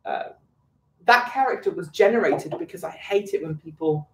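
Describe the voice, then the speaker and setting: A woman's voice: fairly low pitch, lively intonation, moderate pace, a bit bright. British woman, casual co-host, rambling and wry, roomy echo. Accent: British English. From Britain. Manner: rambling, self-deprecating, chuckles often. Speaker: co-host of an electric car show. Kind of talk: casual livestream chat.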